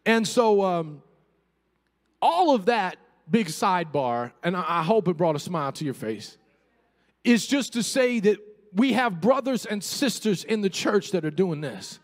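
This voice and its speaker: A man preaching to his congregation in a church. His voice sits high and leaps up and down as he moves from playful asides to fervent appeals. A long reverb trails each phrase through the sanctuary. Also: measured pace. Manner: animated preaching with humorous asides and calls to the congregation. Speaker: pastor. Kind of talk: sermon.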